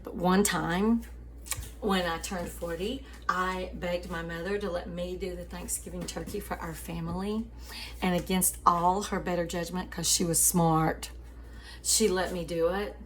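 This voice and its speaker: A woman hosts a devotional chat at an easy, unhurried pace, telling stories and calling her listeners sweeties and family. She laughs often along the way. A faint hiss of noise runs underneath her voice. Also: lowish voice, steady tone. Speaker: host.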